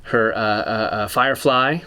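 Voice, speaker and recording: A man's voice: fairly low pitch, fairly even intonation, measured pace, sharp tone, smooth. A man co-hosting a casual livestream, chatty and greeting viewers by name, often restarting his sentences. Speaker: co-host.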